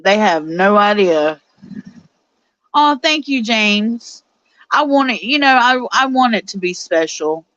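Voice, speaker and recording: A woman in her forties with a drawl hosts a casual live stream, reading viewers' messages and talking to them directly. She gets easily emotional and tearful, and her voice is mid-pitched. The sound is dry and a bit dull, like a lo-fi home setup. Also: animated, slow, fairly bright tone, no room sound. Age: 40s. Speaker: show host reading live chat.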